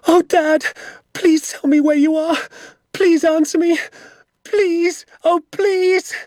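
A man voicing a frightened young boy who calls out and pleads for his father in a high, strained voice. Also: expressive, brisk, darkish tone, husky, dry recording, studio quality. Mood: desperate calling.

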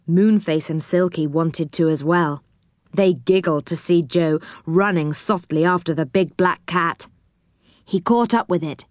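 A woman reading a children's storybook aloud in a gentle, expressive way. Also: lowish voice, unhurried, dry recording, clean studio sound. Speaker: narrator.

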